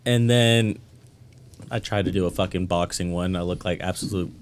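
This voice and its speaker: A man's voice: low-pitched, steady tone, normal speed, a little hiss or hum. A man from North Texas chatting as a podcast guest, laid-back, swearing freely and acting out what people said to him. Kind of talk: casual podcast chat.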